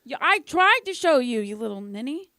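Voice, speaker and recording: A woman joins a casual podcast chat, teasing the hosts and laughing readily. Her voice sits slightly high, and the sound is dry and close. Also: big pitch swings, normal speed, sharp tone, dry recording. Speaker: podcast guest co-host.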